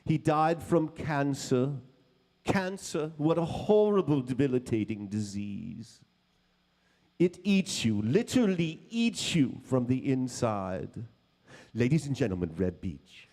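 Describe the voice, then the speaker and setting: Theatrical rock frontman, put on by a man: drawn-out, booming, ceremonial. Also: animated, darkish tone. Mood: solemn. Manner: solemn, drawn-out stage announcing. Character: grand theatrical male rock singer.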